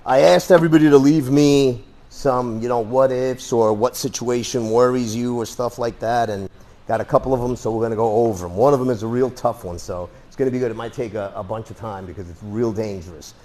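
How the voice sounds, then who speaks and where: A man's voice: medium pitch, a little fast, dark tone. A man teaching a self-defense class in a casual, rambling way, with sarcastic asides. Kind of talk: casual live class talk.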